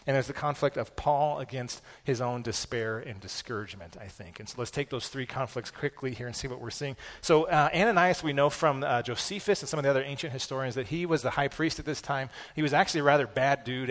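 A pastor giving a sermon in a casual, conversational way, with self-deprecating personal stories. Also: male voice, medium pitch, quick pace, few pauses, fairly bright tone, in a large hall.

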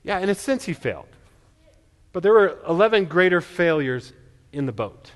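High-voiced preacher in an echoing hall. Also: male voice, big pitch swings, normal speed. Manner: earnest, frequent stammered restarts. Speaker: pastor. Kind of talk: sermon. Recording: long reverb of a large hall.

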